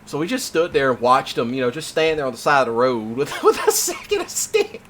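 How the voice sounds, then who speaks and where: A man hosting a casual chat, telling stories in an animated way, laughing often and swearing freely. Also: mid-range voice, brisk, slight background noise. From Mississippi. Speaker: host.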